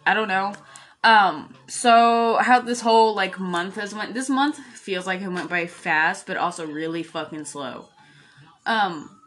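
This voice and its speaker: A woman's voice: medium pitch, expressive, a little slow, fairly bright tone. A woman hosting a casual solo podcast from her bedroom at home, rambling and chatty, swearing freely and laughing often. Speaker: podcast host. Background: puppies crying.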